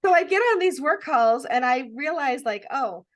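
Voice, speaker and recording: A woman's voice: sits high, animated, normal speed. A woman co-hosting a podcast in casual chat, talking in a chatty, sing-song, self-deprecating way. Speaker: podcast co-host.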